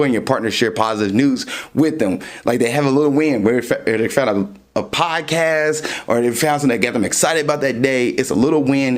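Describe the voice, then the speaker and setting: A man hosts a podcast and chats about relationships in a casual, animated way. His voice sits at a middle pitch. He acts out little back-and-forth scenes and reads passages aloud from a book. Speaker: podcast host. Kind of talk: casual advice talk.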